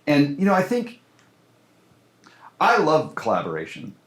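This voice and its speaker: A man's voice: on the high side, huge pitch swings, measured pace. A man who is a film director, chatting casually in an interview in a rambling, hesitant way with many fillers and restarts. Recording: roomy echo.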